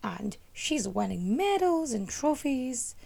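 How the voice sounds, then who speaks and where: A woman tells history stories in a loose, chatty way, breaking off for cheeky asides aimed straight at her listeners. Her voice sits a little high, with a mellow, warm tone rather than a bright one. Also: sing-song, slow pace, vocal fry. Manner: chatty, playful asides to the audience; emphatic, teasing humour. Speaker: history storyteller host. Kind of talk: casual storytelling.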